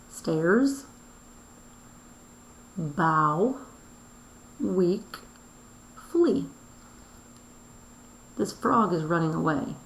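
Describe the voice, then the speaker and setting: A woman teacher going over a daily review, explaining slowly and spelling out words letter by letter. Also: on the low side, slight background noise. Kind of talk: recorded classroom review lesson. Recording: roomy echo.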